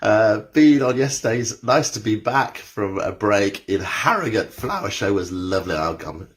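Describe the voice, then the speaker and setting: A man's voice: on the low side, lively intonation, normal speed. A man, leading a live-streamed exercise class indoors and greeting viewers by name in a chatty way. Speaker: exercise instructor. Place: indoor room with carpeted floor.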